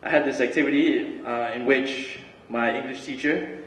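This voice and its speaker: A young man giving a relaxed, chatty student talk with lots of fillers and restarts. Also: medium pitch, normal speed, slight background noise. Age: young adult. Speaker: student speaker. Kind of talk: casual student talk and spoken word. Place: large hall. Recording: roomy hall recording from far off.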